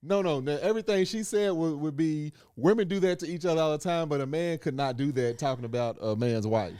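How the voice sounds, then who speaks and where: A man's voice: a little high, brisk, dark tone, smooth, dry recording, clean studio sound. Laid-back man chatting on a podcast. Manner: laid-back, laughs while acting out quotes. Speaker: podcast co-host. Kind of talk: casual chat.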